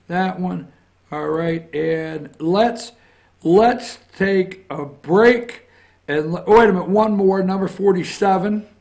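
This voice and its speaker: A man's voice: sits high, creaky. A man hosting a morning opinion show, talking through the news in blunt, combative, mocking commentary. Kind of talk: rambling political commentary.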